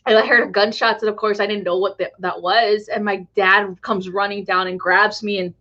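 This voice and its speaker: A woman from Southern California chats to her live stream audience at a middling pitch. Her stories ramble, and she laughs often and acts out the voices of people she quotes. The audio is a little dull and lo-fi. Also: flat delivery, normal speed, pushed and bright. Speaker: spiritual reader hosting a live stream. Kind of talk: casual storytelling to a live chat.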